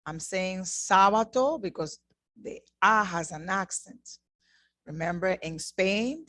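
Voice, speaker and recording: A woman's voice: mid-range voice, expressive, takes it slowly, a bit bright, no room sound. A woman teaching an online Spanish lesson, speaking patiently and repeating words to model their pronunciation. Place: class produced in the Bahamas.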